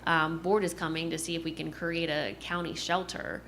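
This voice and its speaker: A woman with a rather low voice speaks at a city meeting in a brisk, matter-of-fact way. She sounds plain and businesslike. A light hiss sits under the stream. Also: little pitch movement, fairly bright tone. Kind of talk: council meeting discussion.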